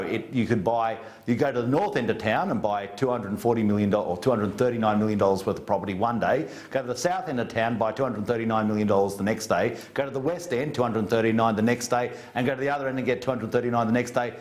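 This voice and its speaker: Blunt Australian man, plain-spoken. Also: on the low side. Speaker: government minister as interview guest. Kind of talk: interview down a remote studio link.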